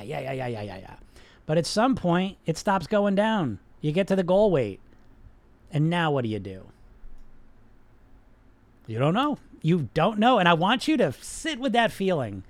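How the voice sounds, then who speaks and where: A man with a high-pitched voice, recorded close and dry with no room sound. He coaches bluntly and emphatically, swears freely, and hammers his points with repeated words. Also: dry recording. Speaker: weight-loss coach and podcast host. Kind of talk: unscripted coaching monologue to a live chat.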